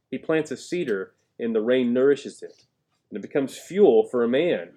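A man's voice: mid-range voice, warm tone. A man preaching a conversational sermon, reading scripture aloud with emphasis and asking his listeners questions. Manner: conversational, asks the listeners questions, jokes and laughs. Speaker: pastor.

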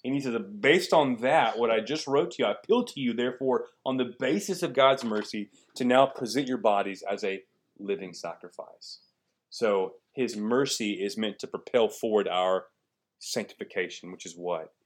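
A man's voice: fairly low pitch, moderate pace. A man in his thirties, a pastor teaching a Bible lesson and asking the listeners questions as he goes. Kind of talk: sermon.

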